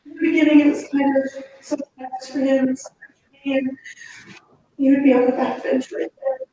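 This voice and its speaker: A woman with a fairly high voice gives an earnest funeral eulogy, reminiscing and pausing with fillers. She stands back from a pulpit microphone in a church chapel. The sound is heavily echoey, with faint room ambience behind her. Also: fairly even intonation, warm tone, far from the mic, slight background noise. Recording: very echoey chapel, speaker off-mic.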